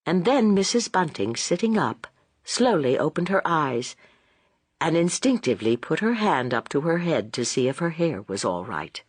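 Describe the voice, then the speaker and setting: A woman narrating a classic novel as an audiobook, in a measured, expressive storytelling voice. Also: low voice, breathy edge, no echo. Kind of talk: scripted narration.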